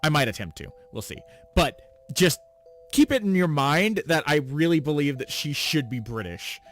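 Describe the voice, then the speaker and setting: A man's voice: a little high, expressive, normal speed, soft background music. A man hosting a let's play, reading a visual novel aloud and breaking off for chatty, self-deprecating asides.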